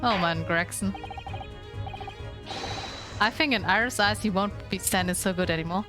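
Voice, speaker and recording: A woman streamer tossing off playful, teasing asides between lines of a game. Her voice sits at an everyday middle pitch. Game music plays clearly behind her. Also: moderate pace, pauses often. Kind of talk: casual game commentary.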